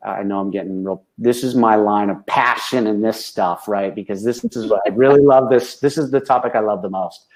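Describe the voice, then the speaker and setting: A man's voice: lowish voice, a little fast, few pauses, a little mellow. A man, a business coach, speaking frankly and with animation in casual conversation, tagging nearly every sentence with a questioning "right?".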